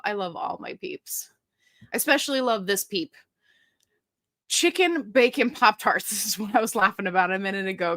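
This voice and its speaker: A woman chats brightly with her live viewers, greeting them by name and reading out their comments. Her voice is crisp and bright, recorded close and dry with no room sound. She sounds easygoing and upbeat throughout. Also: mid-range voice, no room sound. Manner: chatty, upbeat, reads viewer comments aloud. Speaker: livestream host. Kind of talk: casual live Q&A chat.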